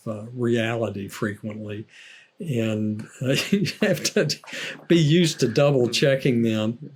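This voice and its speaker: A man's voice: mid-range voice, darkish tone, husky. An older man with a Southern American accent, an author guest telling stories in a casual interview and laughing often. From United States. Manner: chatty storyteller, laughs often.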